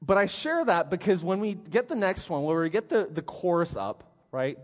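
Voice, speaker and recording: Man, pastor, chatty sermon, slightly high voice, long reverb of a church hall. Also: normal speed. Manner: animated storytelling, frequent "right?". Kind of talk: conversational sermon.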